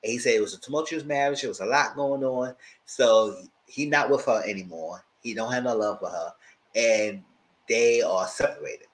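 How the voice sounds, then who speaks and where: A man giving a casual, animated recap of a reality show, acting out quotes in a squealing high voice and breaking into loud laughs. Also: moderate pace, low-quality recording. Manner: loud laughs and shouted asides. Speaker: TV show reviewer.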